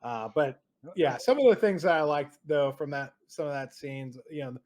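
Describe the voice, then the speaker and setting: A man's voice: fairly high pitch, moderate pace. A man co-hosting a podcast, chatting casually and rambling about a movie. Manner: relaxed, rambling, compares film to video game. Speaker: podcast co-host.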